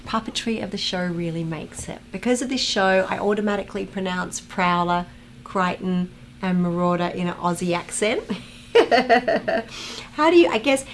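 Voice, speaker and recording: A woman chatting casually on a live stream, reading viewer comments aloud and greeting chatters with bursts of excitement. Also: medium pitch, moderate pace, slight background noise. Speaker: actress hosting a watch-along chat.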